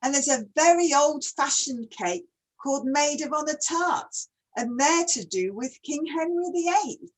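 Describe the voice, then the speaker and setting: A woman's voice: high voice, expressive, unhurried, low-quality recording. A woman hosting a casual online chat, who talks readily and keeps asking her guest questions. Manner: chatty, asks many questions. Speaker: host.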